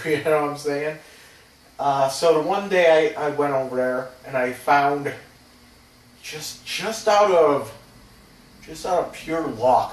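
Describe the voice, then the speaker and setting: A man in his thirties rambling through a personal story, hesitant and casually swearing. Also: mid-range voice. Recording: roomy, distant from the mic.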